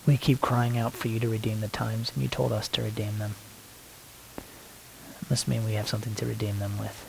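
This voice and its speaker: Soft-spoken gravelly man in prayer. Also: on the low side, little pitch movement, a little hiss or hum, rough recording. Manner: soft, halting, repeats words as he searches; drops to hushed near-whispers at times. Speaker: worship leader praying aloud.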